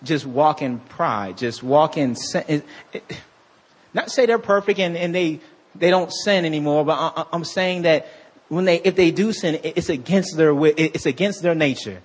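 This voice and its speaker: A male pastor preaching a sermon to a congregation, calling out for responses and swinging between slow scripture reading and excited asides. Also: on the high side, breathy edge.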